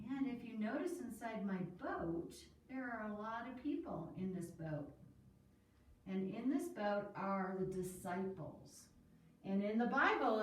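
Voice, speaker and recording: A woman telling a children's Bible story with a felt board, in an animated sing-song way that asks the children questions. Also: mid-range voice, slight background noise. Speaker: children's storyteller at a church school. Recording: echoey room, far from mic.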